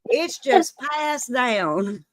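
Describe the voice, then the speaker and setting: A woman's voice: high voice, sing-song, drawn-out words, no echo. Woman, Kentucky twang, folksy and laughing, stream host, dead dry sound. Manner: folksy, laughs often, uses Southern sayings. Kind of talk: casual chat on a live stream.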